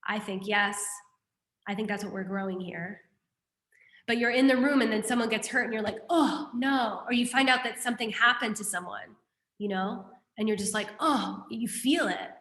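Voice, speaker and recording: Teaching a group, this woman talks through a Buddhist text with a lively, conversational energy, questioning her students along the way. She has a mid-range voice and a brisk pace, with a roomy sound around her.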